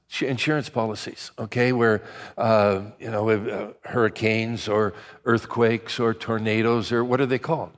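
An older man, a pastor, preaching a sermon in a chatty storytelling way, with lots of restarts and lively asides. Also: mid-range voice. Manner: conversational storytelling, many restarts, animated asides.

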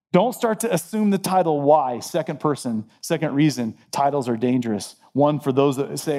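A man's voice: a little high, normal speed, hardly any pauses, warm tone. A man preaching a sermon, earnest and emphatic, repeating phrases to drive points home. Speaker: pastor.

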